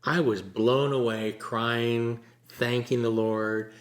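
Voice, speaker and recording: An older man sharing a personal faith story in a relaxed, earnest conversation, sometimes laughing as he tells it. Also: mid-range voice, takes it slowly. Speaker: guest sharing testimony. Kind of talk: conversational testimony.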